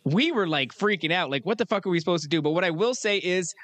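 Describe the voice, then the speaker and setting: A young man co-hosting a podcast, telling crude, animated stories with bursts of laughter. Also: high voice, fast, no room sound. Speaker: podcast co-host. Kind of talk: casual podcast chat.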